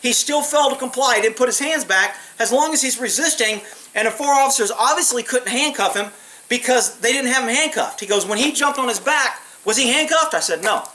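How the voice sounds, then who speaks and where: A man's voice: extremely high pitch, brisk, rough recording. A former police officer telling his own stories in a casual monologue. He is blunt and profane, and he acts out the voices of the people in his stories. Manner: blunt, profane, animated retelling with acted quotes.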